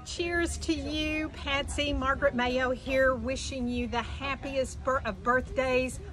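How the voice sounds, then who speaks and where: A woman's voice: high voice, steady tone, takes it slowly. A woman recording an effusive birthday message for a friend. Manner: warm, effusive. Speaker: friend giving birthday wishes.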